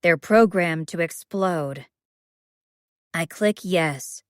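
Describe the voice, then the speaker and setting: A woman in a mid-range voice reads a first-person thriller audiobook with a quiet, brooding delivery. The recording is dry, with no room sound around her. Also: fairly low pitch, drawn-out words, no room sound. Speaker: audiobook narrator.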